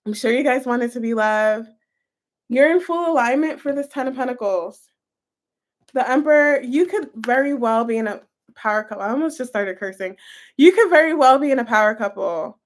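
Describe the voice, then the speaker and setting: A young woman with a high voice gives a casual tarot reading. She talks in a gushing, chatty way, speaking straight to her viewers. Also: expressive, brisk. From United States. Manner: gushing, chatty, full of "like" and "you guys". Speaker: tarot reader.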